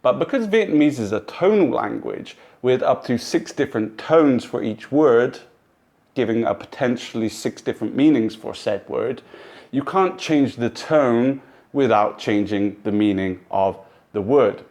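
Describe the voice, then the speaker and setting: A man narrating a language lesson in a clear, measured, instructive way. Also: mid-range voice, expressive, darkish tone. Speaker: language teacher. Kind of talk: scripted explanatory narration.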